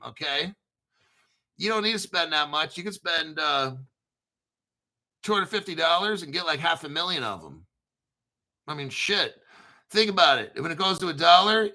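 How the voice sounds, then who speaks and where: Excitable gravelly-voiced man hyping crypto. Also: sits high, rough recording. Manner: excitable, rambling, swearing. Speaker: crypto video host. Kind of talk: casual profane commentary.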